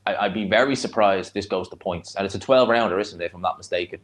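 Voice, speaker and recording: A man with a Dublin Irish accent talks in a slightly low voice as he reacts live to a boxing fight. He chats bluntly with his viewers in between, rambling from one point to the next in a relaxed, conversational way. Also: fast. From Ireland. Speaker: streamer hosting a live watch-along. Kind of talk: casual live fight commentary and chat.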